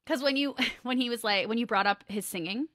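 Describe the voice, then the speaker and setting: A woman's voice: a little high, a little fast, a bit bright, dry recording, clean studio sound. A woman hosting a podcast, chatting casually with a friend, telling stories and laughing often. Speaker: podcast host.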